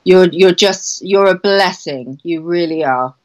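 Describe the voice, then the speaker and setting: A woman with an English accent speaks as a show guest. Her voice is low and her pace is slow and soft. It comes through a muffled, lo-fi line. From England.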